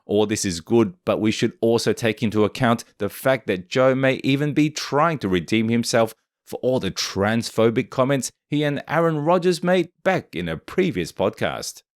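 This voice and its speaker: A man delivering a scripted commentary voice-over with snide, opinionated jabs. His pitch leaps and dips all over the place. The sound is close and dry, with no room around it. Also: expressive, moderate pace, few pauses, no room sound. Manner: snarky, opinionated. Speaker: commentary narrator.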